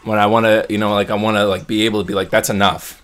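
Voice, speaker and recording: A man's voice: on the low side, little pitch movement, racing, a bit bright, clean tone. A man talking straight to camera in a casual check-in vlog, venting in a rambling, heated way and restarting his sentences as he goes. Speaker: vlogger.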